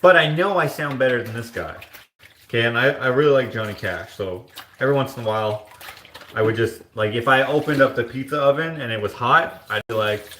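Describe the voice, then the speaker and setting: Brisk and fairly bright in tone, this man from Canada hosts a live stream, casually reading out viewer comments with jokey asides. He rambles, jokes, and mock-sings in a high voice, and the sound is reverberant with slight background noise.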